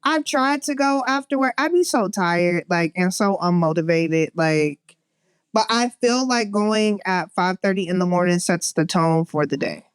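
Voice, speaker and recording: Slow-talking woman, smooth voice. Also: fairly low pitch, no echo, studio quality. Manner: animated storyteller, mimics gym noises. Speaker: podcast co-host. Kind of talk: casual chat.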